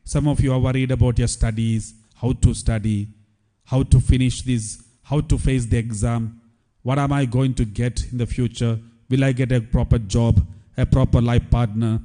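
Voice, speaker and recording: A priest preaching a sermon, with emphatic repetition. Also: male voice, mid-range voice, steady tone, normal speed, dark tone.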